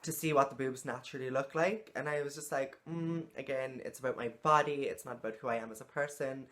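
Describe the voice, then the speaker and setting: A woman's voice: very deep voice, steady tone, brisk, a bit bright. A woman talking frankly to camera in a casual vlog, exasperated and swearing freely. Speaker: vlogger.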